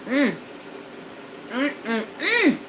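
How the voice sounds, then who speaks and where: A woman's voice: sits high, sing-song, very slow, background noise. A woman vlogger chatting folksily to her viewers while eating, at home in front of a backdrop and studio lights. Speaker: mukbang vlogger.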